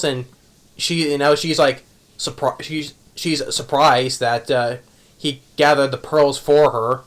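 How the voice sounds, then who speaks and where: A man's voice: mid-range voice, fairly even intonation, measured pace. A man casually recapping an anime episode, rambling with many restarts and fillers. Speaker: anime reviewer.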